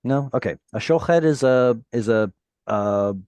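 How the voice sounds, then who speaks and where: A man teaching a Hebrew class over a video call, patiently explaining words and reading verses slowly. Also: medium pitch, darkish tone, clean tone, no room sound.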